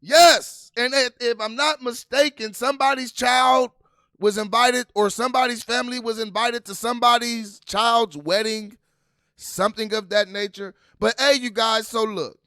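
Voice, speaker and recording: High bright-voiced man, casual commentary. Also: normal speed, dry recording, clean studio sound. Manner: animated, laughing, talks to viewers as "you guys"; reads news aloud while scrolling. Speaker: political commentary vlogger.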